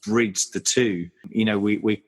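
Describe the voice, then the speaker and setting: A man's voice: on the low side, steady tone, measured pace, a little mellow. A man co-hosting a podcast, chatting casually about a horror film with many fillers and restarts. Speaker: podcast co-host.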